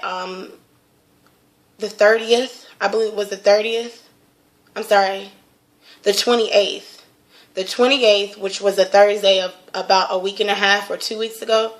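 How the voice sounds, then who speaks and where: Young woman, casual vlog testimony, heartfelt and rambling, mid-pitched voice. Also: fairly bright tone. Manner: emotional, earnest, rambling with many fillers. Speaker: vlogger sharing a personal testimony. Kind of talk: casual personal talk.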